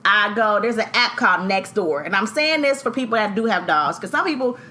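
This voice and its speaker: A woman, co-hosting a podcast and telling a story, animated and laughing, acting out voices. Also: mid-range voice, fairly quick, slight background noise. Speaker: podcast co-host. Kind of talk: casual storytelling chat.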